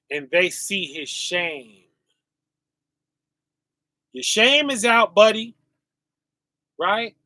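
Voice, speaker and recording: A man's voice: high voice, pushed and bright, no room sound. A male preacher, reading scripture and asking his listeners "right?" as he goes. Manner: call-and-response asides, often asking "right?"; reads verses slowly and drawn out.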